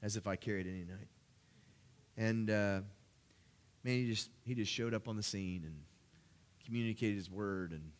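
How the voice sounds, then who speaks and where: During a church service, the guest preacher's sermon wanders through personal anecdotes in a conversational, halting manner, thick with fillers and restarts. He rises louder and higher when excited and turns hushed, soft, and low as he prays.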